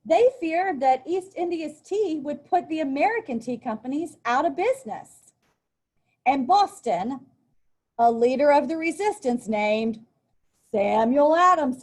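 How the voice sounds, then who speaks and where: Slow-talking woman teacher. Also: high voice, lively intonation. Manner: reads aloud, then explains in chatty asides. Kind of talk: recorded history lesson. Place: at a desk with a workbook.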